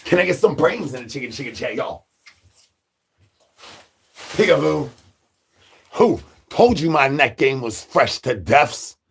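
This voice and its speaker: A husky-voiced man hosts a livestream in the persona of a hungry zombie. He rambles loosely, looping sing-song catchphrases and crude jokes at a mid pitch. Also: lively intonation, normal speed. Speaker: livestream host.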